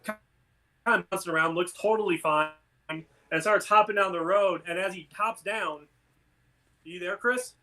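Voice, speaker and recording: Casual male co-host, high and bright voice, rambling joke-teller. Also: normal speed. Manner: rambling storyteller, many fillers. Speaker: podcast co-host. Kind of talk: casual chat, telling jokes.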